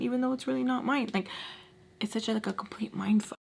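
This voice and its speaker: A young woman in her twenties telling a story to her camera, animated and full of slang, acting out what people said. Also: on the high side, fast, vocal fry, slight background noise. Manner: animated, acts out quotes, frequent slang and "like". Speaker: storytime vlogger. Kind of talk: casual storytelling.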